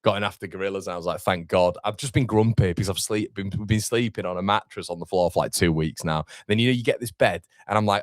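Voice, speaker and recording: Young streamer host, deep voice, dry close sound, casual chatter. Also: male voice, fairly quick, no room sound. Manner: chatty, reading out viewer comments. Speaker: football watchalong host. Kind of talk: casual live-stream chat. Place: home room.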